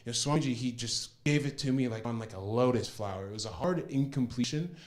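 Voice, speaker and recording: A man's voice: mid-range voice, brisk. An earnest young man giving a personal testimonial, retelling a story and repeating words for emphasis. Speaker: program participant giving a testimonial.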